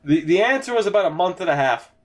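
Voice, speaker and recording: Sleepy guy rambling over a hockey game, kinda high voice, swears a lot, yawning. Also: lively intonation, quick pace. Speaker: gaming commentator. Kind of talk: casual let's-play commentary. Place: home gaming setup, in a chair.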